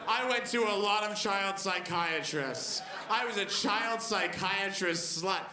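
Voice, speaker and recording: A young man doing stand-up on a club stage, his voice sitting a little high as he tells wry stories and acts out the people in them. The sound is roomy and echoing, with noise audible behind him. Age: 20s. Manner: quick, wry storytelling with acted-out quotes. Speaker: stand-up comedian. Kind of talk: stand-up comedy set. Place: comedy club stage before a laughing audience. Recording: echoey room with audible noise.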